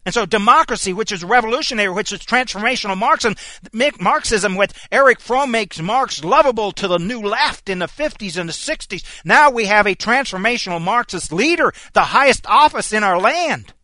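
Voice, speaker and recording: Middle-aged male preacher, emphatic and repetitive, bright edgy tone, dry close sound. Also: sits high, lively intonation, a little fast, no echo. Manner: emphatic, rhetorical questions and hammering repetition. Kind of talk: fiery sermon.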